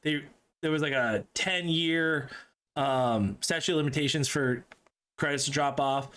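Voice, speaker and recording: A young man hosts a casual podcast, his voice sitting a little above the usual male range. He talks quickly and bluntly, scattering swear words through his stories. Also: a little high, fairly bright tone, smooth. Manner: swears often, quick storyteller. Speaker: podcast host.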